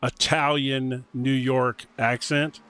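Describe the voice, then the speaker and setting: A man from the United States giving relaxed color commentary on a sim race, rambling with ums and you-knows. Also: medium pitch, slow pace, clean tone. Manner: chatty, rambling with um and you know.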